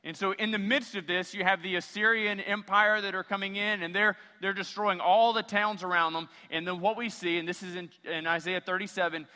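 A man's voice: sits high, pushed and bright, big-room sound. A man preaching a sermon as a pastor, emphatic and repeating phrases for stress.

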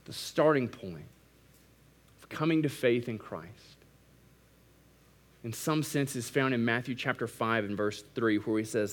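A male pastor preaching a sermon, moving between quiet intimate passages and loud emphatic climaxes, with repetitive preaching cadence. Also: medium pitch, unhurried, long pauses.

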